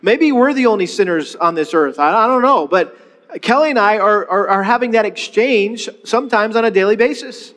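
Pastor, male, middle-aged: a high, talky sermon voice full of restarts and call-and-response, recorded in a big reverberant sanctuary. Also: animated, normal speed, fairly bright tone. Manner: leads the congregation in call-and-response repetition; conversational, with frequent restarts and rhetorical questions. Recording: long reverb of a large hall.

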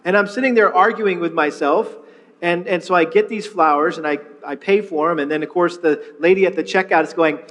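A man's voice: high-pitched, brisk, fairly bright tone, in a large hall. A man preaching as a pastor, conversational and storytelling, often repeating words as he restarts. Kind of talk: sermon-style teaching on marriage.

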